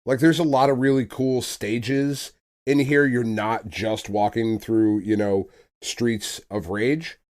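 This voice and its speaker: A man's voice: medium pitch, steady tone, slow pace, a little mellow. A man co-hosting a podcast, chatting casually in loose, profane banter and laughing often. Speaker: podcast co-host. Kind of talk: casual chat.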